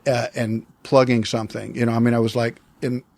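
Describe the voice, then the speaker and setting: A man's voice: medium pitch, flat delivery, a little fast, vocal fry, darkish tone, dry recording. A man in his sixties from the United States, telling a personal story as an interview guest, reflective and rambling with many restarts. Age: 60s.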